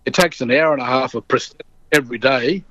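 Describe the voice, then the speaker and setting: A man's voice: medium pitch, a little fast, no room sound, lo-fi sound. A middle-aged Australian man telling a story as an interview guest, acting out the voices of the people in it. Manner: lively yarn-spinning, acting out voices in his stories. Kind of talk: casual anecdote telling.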